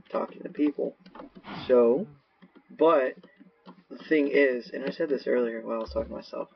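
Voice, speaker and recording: A man's voice: medium pitch, creaky. A man rambling through solo gameplay commentary on a cheap microphone, erratic and given to shrieking and swearing at sudden scares. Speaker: gaming video creator. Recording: dull lo-fi mic with faint hiss.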